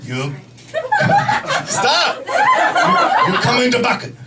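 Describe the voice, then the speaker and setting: A man's voice: very high-pitched, wildly swooping pitch, very noisy, voice pushed up, exaggerated voice. A man voicing a male doctor who speaks clipped, broken English with a Japanese accent. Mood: curt. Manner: clipped broken phrases, halting. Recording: distant mic, loud audience laughter.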